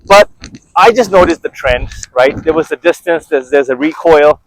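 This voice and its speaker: A vlogger with a slightly high voice and lively intonation speaks at normal speed over poor audio with a little hiss or hum. He talks candidly to camera about his own life, conversational and repeating words, often stopping to ask viewers "right?"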